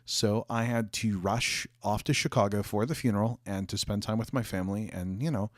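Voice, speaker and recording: A man's voice: lowish voice, fairly even intonation, brisk, no echo, studio quality. A young adult man chatting casually with viewers on a livestream from his office, rambling with lots of fillers and restarts, coughing and hiccuping.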